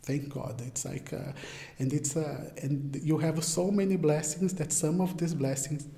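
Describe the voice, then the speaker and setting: A man's voice: on the high side, fairly even intonation, unhurried, vocal fry, mellow. A young Brazilian man with a Brazilian Portuguese accent and Portuguese as his first language, answering interview questions in English in a hesitant way, often searching for words. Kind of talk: casual interview talk. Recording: roomy echo.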